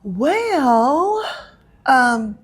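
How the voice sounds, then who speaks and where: A woman from North Carolina, a guest talking casually in an interview, with many ums and pauses. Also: high-pitched, sing-song, husky. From North Carolina, USA. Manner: chatty, frequent ums and pauses. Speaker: actress and comedian guest.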